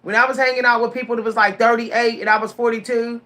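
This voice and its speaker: A woman in her forties telling stories straight to her viewers in a casual vlog, animated, repeating her words and laughing often. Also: fairly high pitch, fast. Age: 40s. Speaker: vlogger.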